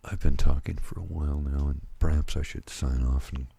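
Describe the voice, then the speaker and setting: Man, from Canada, tired, soft-spoken ASMR talk, dark mellow tone, raspy breathy voice. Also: a bass voice, fairly even intonation. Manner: halting, rambling, frequent fillers and restarts. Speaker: ASMR channel host.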